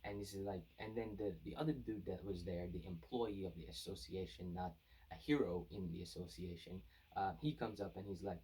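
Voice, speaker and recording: A man's voice: deep voice, a little fast, darkish tone, slightly rough. A man giving a casual, rambling manga chapter review, full of fillers and restarts. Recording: voice distant from the mic.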